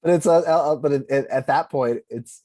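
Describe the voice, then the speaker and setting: A man's voice: on the high side, normal speed, warm tone, no room sound, clean studio sound. A man hosting a casual interview, mostly giving short encouraging replies and asking questions. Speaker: podcast host.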